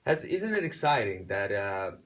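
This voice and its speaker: A man's voice: on the low side, sing-song, a bit bright. A man from Lithuania with a Lithuanian accent, English not his first language, answering interview questions as a singer and searching for his words. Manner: slow, searching for words, many restarts. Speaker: singer, contest entrant. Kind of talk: casual interview.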